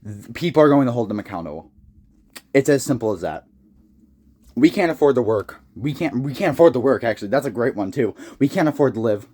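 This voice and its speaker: A man's voice: medium pitch, expressive, fairly quick, a little mellow, slightly rough. A young man from the United States giving a heated, profane, rambling political rant with frequent restarts. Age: young adult. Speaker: political commentator. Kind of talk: casual rant to camera.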